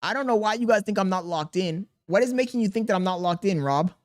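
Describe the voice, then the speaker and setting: Male streamer in his thirties, a touch high-pitched, reads chat and vents, defensive and exasperated. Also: lively intonation, quick pace. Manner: exasperated, defensive venting with slang. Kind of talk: live-stream chat reading.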